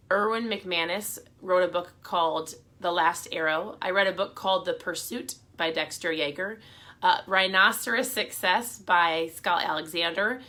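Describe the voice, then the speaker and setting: A woman's voice: medium pitch, sharp tone. A middle-aged woman giving upbeat, encouraging motivational advice in a casual, chatty talk to her viewers.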